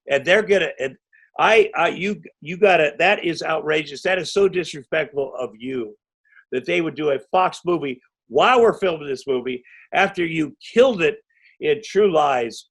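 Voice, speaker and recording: Rambling man telling a showbiz story. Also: a little high. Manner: rambling, self-interrupting, bursts into loud acted quotes. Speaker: podcast guest. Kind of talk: anecdotal storytelling.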